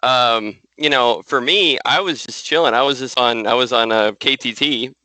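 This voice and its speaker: Male podcast guest, sharp bright voice, dry and close, loose talky storyteller. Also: medium pitch, normal speed, dry recording, poor audio. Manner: storytelling, loose, lots of "you know". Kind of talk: casual podcast chat.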